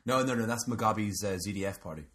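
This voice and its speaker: A young man co-hosting a comedy chat, riffing fast, swearing and jumping into silly voices. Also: lowish voice, a bit bright.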